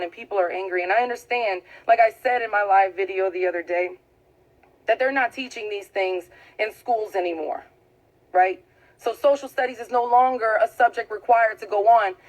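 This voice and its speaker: A woman's voice: on the high side, rough recording. A woman from Louisiana giving an impassioned monologue to camera, emphatic and pleading, repeating phrases for force. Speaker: video blogger.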